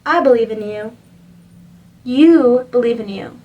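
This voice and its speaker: A woman's voice: fairly high pitch, a little slow, distant mic, lo-fi sound. A young woman giving a spiritual reading to camera, earnest and encouraging, rambling with lots of "like"s. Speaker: spiritual reader.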